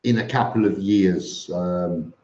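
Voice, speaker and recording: Slow-talking man on a live stream. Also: low-pitched, darkish tone. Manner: reads out viewer comments, answers with fillers and restarts; blunt and matter-of-fact, says "mate". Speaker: vlogger answering live chat. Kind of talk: casual live-stream chat. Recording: roomy, dull lo-fi stream audio.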